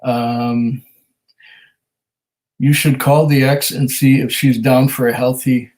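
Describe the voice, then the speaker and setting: A man's voice: medium pitch, level tone, slow, darkish tone, poor audio. A man hosting a casual whisky livestream at home, reading viewer comments aloud in an easygoing, chatty way with frequent ums and restarts.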